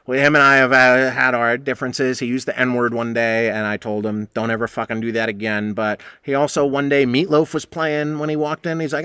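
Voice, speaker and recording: Middle-aged New man, casual storyteller, bright forceful voice, very dry close sound. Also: mid-range voice, fairly quick, hardly any pauses, clean tone, no room sound. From New England, United States. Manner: animated, profane, acts out quoted voices. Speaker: podcast host telling a story.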